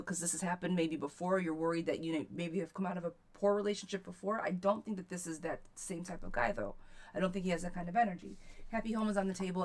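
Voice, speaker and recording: A woman giving a casual live tarot reading, slightly low in pitch and talking straight to her viewers. She encourages them warmly and calls them girl and sweetheart. Her voice is picked up by a webcam mic at home. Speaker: tarot reader hosting a live stream.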